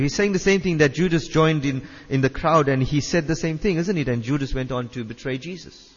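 A man's voice: on the high side, a little fast, few pauses, slightly rough. Emphatic male preacher in a reverberant hall. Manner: emphatic, repeats phrases, asks the listeners questions. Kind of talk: sermon. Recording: dull reverberant hall sound.

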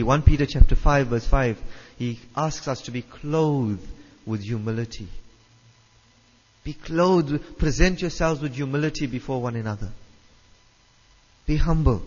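This preacher has a somewhat high voice with a darkish tone; he hammers his points home by repeating phrases and asking questions of the congregation. The recording carries the dull reverb of a hall.

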